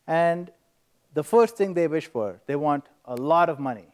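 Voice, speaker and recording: A man telling a story casually and with animation during a presentation on a conference stage. His voice sits fairly high for a man. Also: expressive, moderate pace, a little mellow. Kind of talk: telling an anecdote and joke in a presentation.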